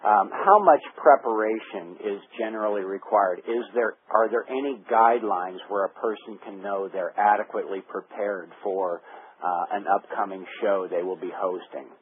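A man with a lowish voice asks measured questions and adds his own views in an interview. The line is narrow and phone-like, with faint noise behind him. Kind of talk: interview about talk radio.

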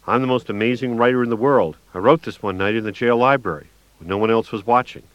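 Frantic ex-con read by a male narrator, snarling and screeching, pitched up above a deep voice, dry dull lo-fi sound. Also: fast, no echo, lightly acted. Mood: boastful. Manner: snarling, screeching, manic outbursts. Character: unhinged jailbird man, drunk and high, volatile. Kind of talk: audiobook narration.

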